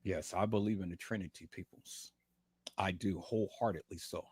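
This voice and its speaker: Man hosting a livestream from his bed, hurting, preaching thanks in a husky, dry, close-miked voice. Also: sits low, fairly even intonation, normal speed, darkish tone, no room sound. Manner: fervent, repetitive, calls viewers "peoples". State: in pain, lying in bed. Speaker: livestream host. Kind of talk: preachy testimony to viewers.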